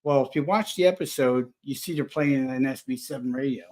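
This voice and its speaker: A man telling a story in a casual chat, rambling and animated, full of restarts. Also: mid-range voice, brisk. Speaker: paranormal investigator guest.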